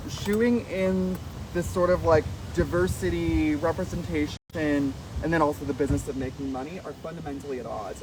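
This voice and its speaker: Man, author guest, higher side, chatty and filler-heavy, noisy live recording. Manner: chatty, animated, filler-heavy, laughs easily. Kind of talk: casual conversation on stage. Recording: noisy live event audio.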